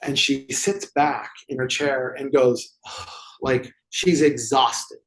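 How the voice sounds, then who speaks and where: A man's voice: mid-range voice, steady tone, slow, fairly bright tone. A man telling a client story as a guest in an interview, acting out the dialogue with animation. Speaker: movement therapy expert guest.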